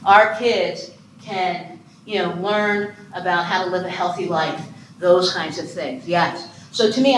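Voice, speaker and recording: A woman in her sixties from Ohio giving an animated, humorous keynote talk on adoption and quizzing her audience. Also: mid-range voice. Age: 60s. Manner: animated, chatty, self-deprecating humor. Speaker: conference speaker on foster care and adoption. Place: conference hall. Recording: echoey room with faint noise.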